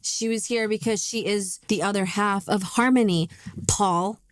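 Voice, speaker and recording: A woman's voice: medium pitch, unhurried. A woman co-hosting a podcast, chatting casually and telling stories with big emotion. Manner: animated, emotional storyteller. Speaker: podcast co-host. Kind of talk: casual chat.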